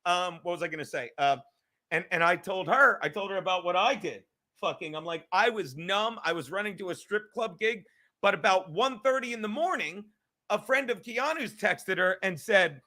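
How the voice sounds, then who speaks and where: A middle-aged man tears through a profane comedic rant, voice loud and excitable, his tone bright and forceful. He sits a touch higher than most men and keeps swinging between grumbles and shouts. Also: moderate pace. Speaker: podcast host. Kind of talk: ranting comedic monologue.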